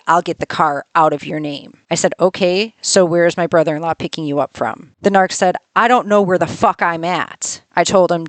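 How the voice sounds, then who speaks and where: A woman's voice: on the low side, no room sound. A woman hosting a podcast, telling a personal story in a frank, conversational way and reading text messages aloud. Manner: frank, conversational, swears freely. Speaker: podcast host.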